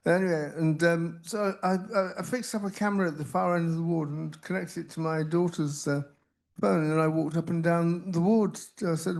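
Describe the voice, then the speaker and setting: An older man on a panel telling stories about his treatment, halting and self-deprecating, with many restarts. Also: fairly high pitch, fairly even intonation, vocal fry, a little mellow. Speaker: panelist, researcher with Parkinson's. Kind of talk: casual anecdotal talk. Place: conference hall.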